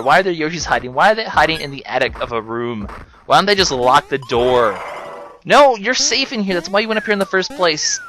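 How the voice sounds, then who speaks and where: A man's voice: a little high, sharp tone. A young man giving casual, sarcastic commentary over a video game playthrough. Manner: sarcastic, mocking, joking asides. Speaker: let's play commentator. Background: game music.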